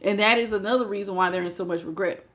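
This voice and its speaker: A woman hosts a live-stream tarot reading in a mid-range, somewhat bright voice, talking quickly. She addresses the listener directly and greets viewers by name, calling them sweetheart and baby.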